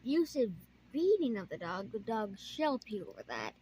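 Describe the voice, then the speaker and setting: Hesitant woman, higher voice, casual halting storyteller. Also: big pitch swings, dark tone, husky. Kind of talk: casual chat.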